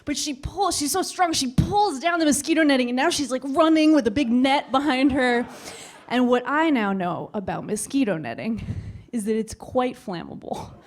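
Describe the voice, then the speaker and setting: A woman in her twenties performing a stand-up routine on a club stage, telling a story with animated delivery and acted-out voices. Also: sits high, normal speed. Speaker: stand-up comedian.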